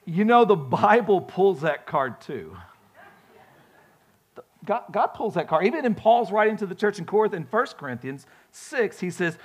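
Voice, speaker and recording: A male pastor preaching a sermon, folksy and animated, telling stories with frequent restarts. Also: high voice, normal speed, slightly rough. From grew up on a farm.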